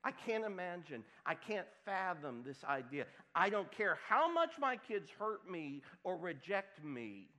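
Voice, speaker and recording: A man preaching a sermon to a congregation, swinging from loud emphatic bursts to hushed, quiet lines. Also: a little high. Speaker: pastor.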